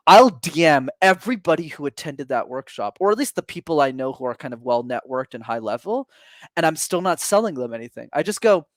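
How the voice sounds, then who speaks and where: A man, a communication coach and podcast guest, explaining his business in a fast, energetic, casual way with many fillers. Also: on the high side, no room sound.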